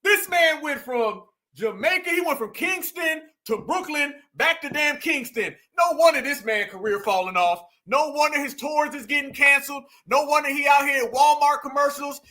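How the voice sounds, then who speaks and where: A man with a very high, sharp voice gives mocking commentary. He laughs often and hammers the same phrases over and over. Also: normal speed, hardly any pauses.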